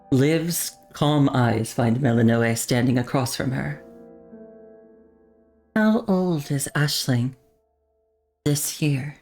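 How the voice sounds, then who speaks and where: A woman streamer narrating a game story aloud with slow, deliberate pacing and wry asides. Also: a bass voice, a little mellow. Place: home streaming setup.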